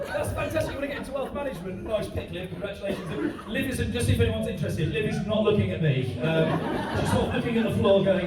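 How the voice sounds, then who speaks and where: Young man, stand-up comedian, cheeky teasing banter, high lively voice, echoey theatre, distant mic, crowd. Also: fairly quick. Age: 20s. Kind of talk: live stand-up set with crowd work. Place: large theatre. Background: audience laughter.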